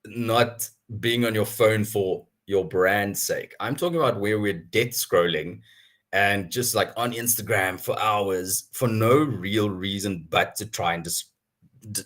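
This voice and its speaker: A young man telling his career story at an online town hall in an animated way, chuckling often. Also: fairly low pitch. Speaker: guest speaker.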